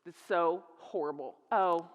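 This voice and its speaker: A middle-aged woman speaking as a guest speaker in a church, telling a humorous story in an animated, laughing, self-mocking way. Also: lowish voice, unhurried, muffled recording, background noise. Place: church sanctuary. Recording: echoey hall.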